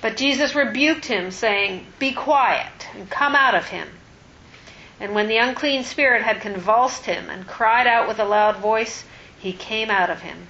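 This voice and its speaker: A woman reading scripture aloud at a Bible study, steady and measured. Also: fairly high pitch. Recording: dull, faint hiss.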